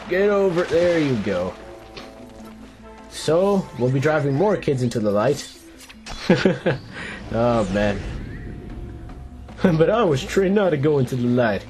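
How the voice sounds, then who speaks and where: A man's voice: medium pitch, big pitch swings, slow pace, pauses often. A young man hosting a let's play, giving playful, jokey gameplay commentary, rambling and talking to the characters on screen. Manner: rambling, restarts his sentences. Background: game music.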